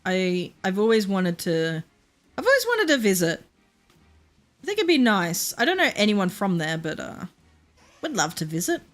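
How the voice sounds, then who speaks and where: A woman's voice: medium pitch, big pitch swings, normal speed, long pauses, soft background music. A young woman with a Queensland Australian accent, chatting casually while streaming a game, rambling with lots of fillers and laughs. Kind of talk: casual gameplay chat.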